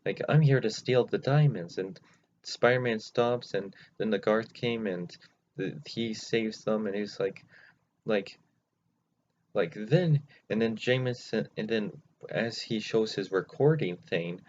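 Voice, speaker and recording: Casting: lower-voiced man, rambling unscripted recap, halting delivery; muffled recording with faint hiss. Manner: rambling, halting, full of restarts and apologies. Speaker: channel host recapping episodes. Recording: dull lo-fi recording, faint noise.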